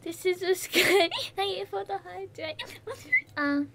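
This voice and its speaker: A woman's voice: very high voice, unhurried, creaky, noisy background. A woman from England chatting on a live gaming stream, easily startled and laughing often.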